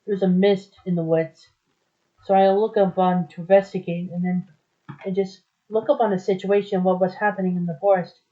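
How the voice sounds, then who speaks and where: A woman retelling a story aloud in a rambling, halting way, with many restarts. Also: mid-range voice, level tone, warm tone. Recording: dull lo-fi recording.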